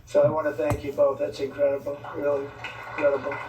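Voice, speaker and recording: A man's voice: a little high, completely flat delivery, fast talker. A man giving an off-the-cuff speech to visiting leaders, rambling with joking asides. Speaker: politician addressing foreign leaders. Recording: echoey, distant mic, faint background noise.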